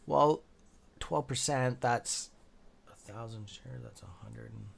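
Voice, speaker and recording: Excitable, swearing trading-stream host, a man. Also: mid-range voice, slow, gravelly, breathy edge. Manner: excitable, profane, talks to viewers by nickname; mutters asides to himself under his breath. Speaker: stock trading livestream host. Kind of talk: live-streamed market commentary, reading chat.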